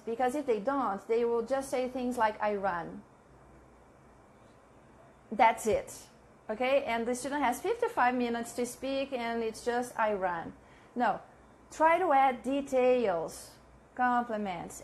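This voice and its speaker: A woman teaching a live online English lesson, chatting with viewers and repeating example sentences slowly, with frequent laughs. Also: on the high side, slight background noise. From Brazil.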